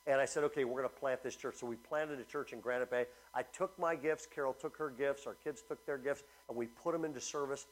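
A middle-aged man preaches a sermon to a large gathering. He tells stories in an animated way, stumbling through fillers and restarts as he goes. His voice sits in a plain middle pitch. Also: low-quality recording. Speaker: pastor.

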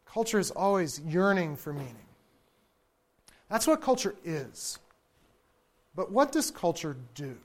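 A man lecturing to a room in a loose, talky way, turning to his listeners for agreement and laughing lightly at his own asides. He is lively and informal, and now and then he imitates a baby's babble to make a point. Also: high-pitched, unhurried, pauses often. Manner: conversational, checks in with the audience; animated, chuckles often. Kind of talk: lecture to an audience.

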